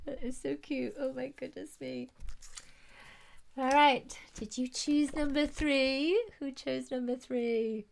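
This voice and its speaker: Gushing, soothing woman host, high voice. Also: fairly even intonation, slow, vocal fry, long pauses, darkish tone. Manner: gushing, soothing, reads viewer comments aloud; emotional, close to tears at times. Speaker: intuitive card reader hosting a live stream. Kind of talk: live angel card reading.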